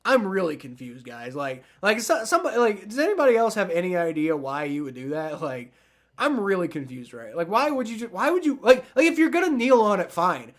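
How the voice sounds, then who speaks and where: A man hosting a live football reaction stream, rambling excitedly and talking straight to his chat. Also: sits high, brisk. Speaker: livestream sports reaction host. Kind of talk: live game reaction commentary.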